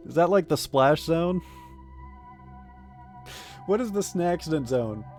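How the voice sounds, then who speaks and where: A man chats loosely on a live stream, joking with his chat and reading game text aloud. His voice sits a touch high for a man. Soft game music plays faintly underneath. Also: animated, slow pace. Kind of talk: casual live-stream chat while gaming.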